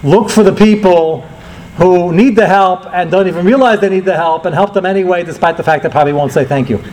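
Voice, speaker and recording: A man's voice: high voice, quick pace, darkish tone, a little hiss or hum, poor audio. A man who is a rabbi, telling a story in a conversational sermon to a live audience, dropping in Hebrew terms.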